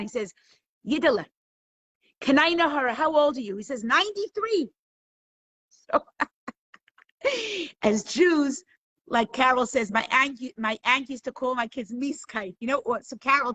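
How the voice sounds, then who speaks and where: A middle-aged woman teaching a live online Torah class, telling stories with animated laughter. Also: on the high side.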